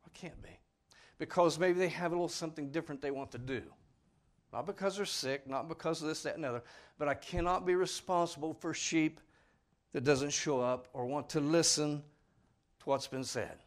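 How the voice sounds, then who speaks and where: A man's voice: on the high side, moderate pace. A man preaching a sermon in a folksy, earnest, pleading way, speaking plainly to his congregation. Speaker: pastor.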